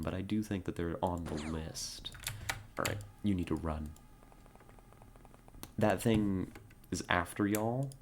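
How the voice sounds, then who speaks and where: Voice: low-pitched, a little hiss or hum. A streamer giving live gameplay commentary, wry and self-mocking, muttering orders to their soldiers. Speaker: game streamer.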